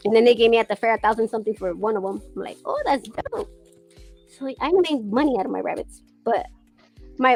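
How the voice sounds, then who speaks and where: A woman's voice: fairly high pitch, darkish tone. A woman hosting a casual chat, rambling through stories with plenty of swearing and laughter. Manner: profane, rambling storyteller who laughs often. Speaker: podcast host.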